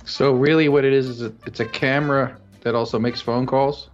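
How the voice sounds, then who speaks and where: A man's voice: mid-range voice, steady tone, fairly quick, muffled recording, soft background music. A man co-hosting a podcast, asking incredulous, teasing questions in casual banter. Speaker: podcast co-host.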